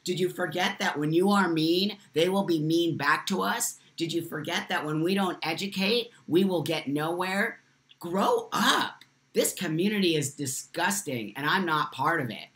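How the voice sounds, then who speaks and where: A man's voice: fairly high pitch, moderate pace, few pauses, a bit bright. A man hosting a live stream from his phone, answering viewers' comments. He speaks with impassioned emphasis and repeats lines for force.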